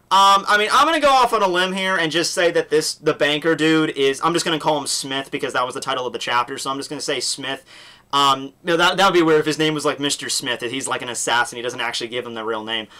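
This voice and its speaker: A man's voice: a little high, bright, forceful tone. A young man casually recapping a manga chapter, rambling with lots of fillers and restarts. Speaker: manga reviewer.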